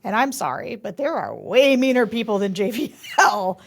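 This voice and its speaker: Woman podcast co-host, slightly high and very lively voice, chatty animated storyteller. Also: normal speed, gravelly. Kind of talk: casual political chat.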